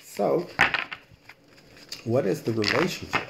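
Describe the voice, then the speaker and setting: A man's voice: medium pitch, unhurried, pauses often, heavy background noise. A man hosting a casual late-night tarot reading vlog, rambling and chatty as he thinks aloud, with stifled yawns. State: yawning, late-night tired. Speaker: tarot reader, channel host.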